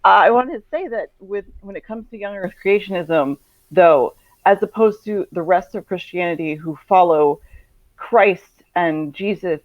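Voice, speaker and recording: A woman's voice: fairly low pitch, no echo. Eager woman on a dull, dry line. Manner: eager, sweary, with fillers. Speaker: podcast co-host. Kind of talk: casual panel discussion.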